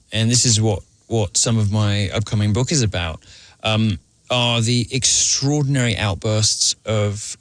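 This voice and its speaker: An Englishman with a softened received pronunciation accent, a studio guest talking in an arch, playful way with many ums and restarts. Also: lowish voice, no echo. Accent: English received pronunciation, partly Americanized. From England. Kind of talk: casual radio interview talk. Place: radio studio. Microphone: studio microphone.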